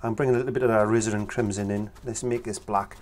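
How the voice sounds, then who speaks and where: A man, talking through a painting tutorial in a relaxed, chatty way as he works. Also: on the low side, very fast. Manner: relaxed, chatty, talks while working. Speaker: painting instructor.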